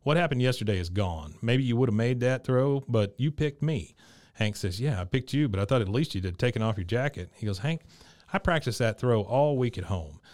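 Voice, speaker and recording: A man's voice: medium pitch, expressive, fairly quick, darkish tone, dry recording, studio quality. A man co-hosting a podcast, casually retelling scenes from a cartoon episode and quoting the characters' lines in his own voice. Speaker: podcast co-host recapping an episode. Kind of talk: casual chat.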